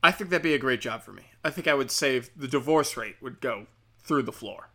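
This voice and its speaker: A man's voice: mid-range voice, expressive, brisk, pushed and bright. A man telling a rambling comic story, sarcastic and profane. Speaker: comedian. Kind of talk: comedic storytelling.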